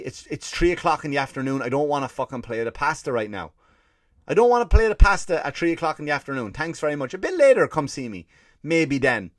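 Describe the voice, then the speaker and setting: A man's voice: a little high, dry recording, clean studio sound. An Irish man hosting a comedy podcast, telling a profane, ranting story and mimicking people in put-on voices. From Ireland. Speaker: podcast host. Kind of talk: comedic monologue.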